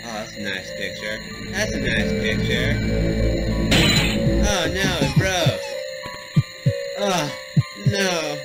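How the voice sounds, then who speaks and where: A young man commenting on his own gameplay, excitable and loud, with frequent swearing outbursts. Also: medium pitch, slow, pauses often, low-quality recording. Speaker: gaming video host. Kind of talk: game commentary. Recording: loud game music underneath.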